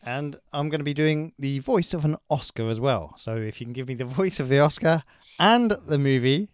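A man's voice: medium pitch, expressive, normal speed, clean tone, no room sound, clean studio sound. A man hosting a casual chat, joking, laughing and swearing freely. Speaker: podcast co-host.

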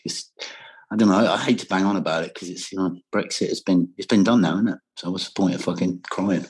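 A Welsh musician, appearing as a guest in a casual interview, tells rambling stories about music and travel, swearing freely and laughing often. His voice is deep, fast, darkish, and slightly rough.

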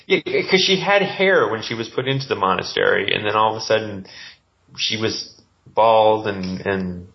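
A man with a low voice talks through comic books in loose, casual chat, stumbling and restarting as he hunts for a name. The recording sounds dull and lo-fi. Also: gravelly, a little hiss or hum. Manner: rambling, halting, many restarts. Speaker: podcast co-host.

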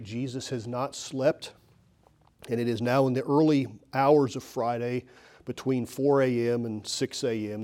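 A man's voice: mid-range voice, dark tone. A man preaching a sermon as pastor, telling the story with emphatic, rising and falling delivery. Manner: emphatic storytelling, voice rises and falls.

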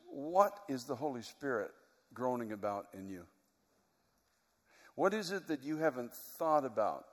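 Earnest male pastor in a reverberant hall. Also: medium pitch. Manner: storytelling, earnest, emotional. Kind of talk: sermon.

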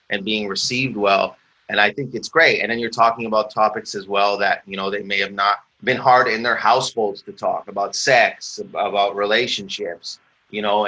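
A Canadian man, an actor, talking casually in an interview and acting out quoted exchanges with lively laughs. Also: fairly low pitch, breathy edge. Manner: animated storyteller, acts out quoted exchanges, laughs often. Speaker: actor guest.

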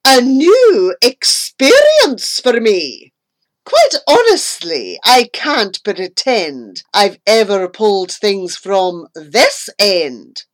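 A woman's voice: on the high side, very animated, slow pace, exaggerated voice. Gleeful dentist, as a woman reads him. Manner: exclaiming loudly with glee. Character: gleeful greedy male dentist.

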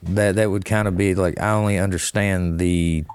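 A man's voice: deep voice, steady tone, normal speed, darkish tone, clean tone. A man co-hosting a casual podcast, telling playful anecdotes with animation. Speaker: podcast co-host. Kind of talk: casual storytelling chat.

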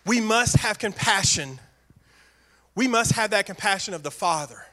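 Man, pastor, sermon, earnest, emphatic, repeats phrases, high voice. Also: animated, moderate pace, bright, forceful tone.

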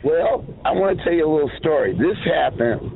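A man's voice: fairly high pitch, animated, a little fast, creaky. A man hosting a talk radio show, telling a story in an easygoing, plain-spoken way. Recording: phone-like band, faint noise.

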